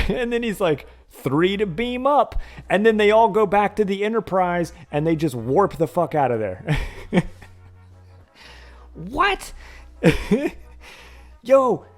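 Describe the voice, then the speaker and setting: A male game streamer with a slightly high voice, telling a story in a loose, profane, animated way and laughing often. Faint music plays under his voice. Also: slow pace, long pauses. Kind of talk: casual game-stream chat, retelling an episode.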